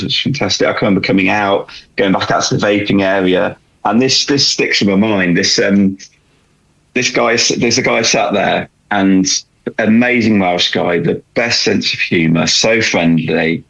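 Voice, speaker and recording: Speaking at a moderate pace, this man has a low, creaky voice that is fairly bright with a breathy edge. As a podcast guest, he candidly recounts his story with many restarts and fillers, chuckling along the way. The audio is dull.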